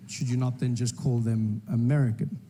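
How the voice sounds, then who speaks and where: A man's voice: mid-range voice, little pitch movement, normal speed, noisy background. A South African man performing stand-up comedy in a conversational storytelling manner.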